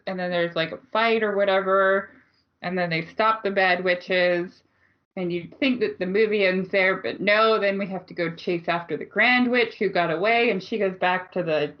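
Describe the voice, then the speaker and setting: A woman co-hosts a podcast in relaxed, chatty conversation, blunt and often laughing as she talks. Her voice sits at an ordinary pitch. The recording is a little muffled and dull. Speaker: podcast co-host. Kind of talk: casual movie discussion.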